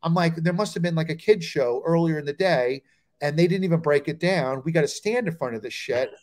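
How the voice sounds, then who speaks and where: Man, comedian, middle-aged, from New Jersey, lively storytelling, slightly high voice, video call. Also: fairly quick. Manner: animated storyteller, acts out quoted voices. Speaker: stand-up comedian guest. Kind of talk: storytelling on a comedy talk show.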